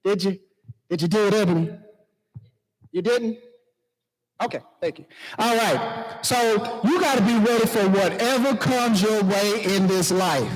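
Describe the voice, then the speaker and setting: A man's voice: high voice, unhurried, pauses often, poor audio. A man emceeing a conference from the stage, playful and preachy, talking straight to the crowd. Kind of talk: lively stage emcee talk. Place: conference hall.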